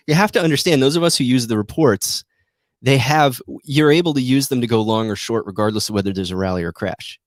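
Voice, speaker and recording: A man's voice: on the low side, a little fast, dry recording, studio quality. A man hosting a trading show, giving rambling, self-deprecating market commentary that keeps turning into a rant.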